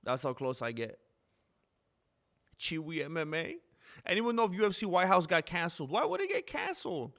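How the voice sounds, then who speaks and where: Rambling live-stream host man, slightly high. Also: sing-song, normal speed, long pauses, fairly bright tone. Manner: rambling, reads viewer names aloud, self-correcting asides. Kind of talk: casual live-stream chat.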